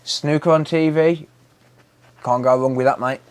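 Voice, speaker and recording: A man's voice: on the high side, fairly even intonation, normal speed. Chatty British man hosting a live stream. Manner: chatty, reads out and answers viewer comments, swears casually. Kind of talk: casual live-stream chat.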